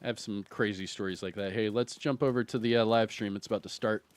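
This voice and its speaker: A man in his thirties streaming a video game, telling a long story in a rambling, animated way with lots of fillers and laughter. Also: fairly low pitch, quick pace, clear, resonant tone, no room sound. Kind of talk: casual storytelling while streaming.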